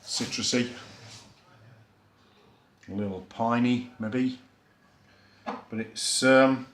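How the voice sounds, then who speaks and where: A man's voice: mid-range voice, fairly even intonation, drawn-out words. Chatty Yorkshire man reviewing beer. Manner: chatty, self-deprecating, rambling with fillers. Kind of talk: casual beer review vlog. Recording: echoey room.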